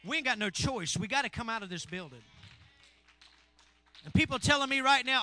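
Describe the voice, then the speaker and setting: Male pastor, high sharp preaching voice, call-and-response sermon, dry recording. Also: lively intonation, brisk, pauses often, dry recording, faint music behind. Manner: call-and-response preaching, swinging between loud shouts and low murmurs.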